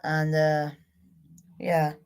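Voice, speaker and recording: A woman's voice: deep voice, monotone, drawn-out words, darkish tone, clean tone. A young woman hosting a live football watchalong, chatting to viewers in a frustrated, sweary way. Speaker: watchalong host.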